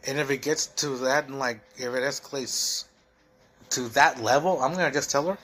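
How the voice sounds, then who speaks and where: A man's voice: mid-range voice, moderate pace, a bit bright, slightly rough. A young man hosting a solo podcast, venting in a heated, profane, rambling way full of fillers. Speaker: podcast host.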